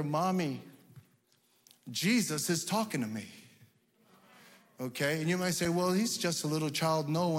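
A male pastor preaching a sermon, building to loud shouted emphasis, in a church. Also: high voice. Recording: long reverb of a church hall.

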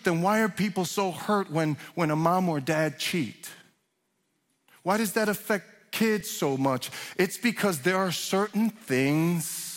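A pastor delivers a sermon, his voice sitting a little high for a man. He talks loosely with restarts, then presses his points harder. The sound carries a long reverb from the hall around him. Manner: conversational preaching with restarts, rising to emphatic. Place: church sanctuary.

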